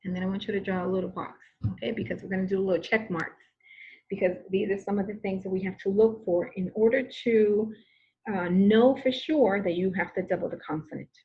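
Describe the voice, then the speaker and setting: A woman's voice: medium pitch, steady tone, fairly quick, highs cut off. A woman teacher giving a recorded grammar lesson, patient and repetitive, often checking in with "okay?".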